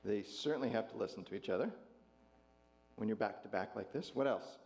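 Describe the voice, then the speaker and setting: A man's voice: fairly low pitch, a little fast, a little mellow. A man pastor leading an interactive sermon with volunteers, jovial and chuckling as he asks the congregation questions.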